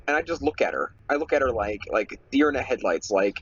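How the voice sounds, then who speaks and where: A man's voice: medium pitch, brisk, fairly bright tone, breathy edge, muffled recording. A young man giving casual gameplay commentary while ranting in an irritated, rambling way, full of "like" fillers. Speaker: Let's Play commentator.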